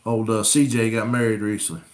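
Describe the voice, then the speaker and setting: A man's voice: fairly low pitch, flat delivery, a little fast. A man hosting a casual live-stream Q&A, chatting easily and reading viewer comments aloud. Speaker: coon hunting channel host. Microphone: camera rig mic.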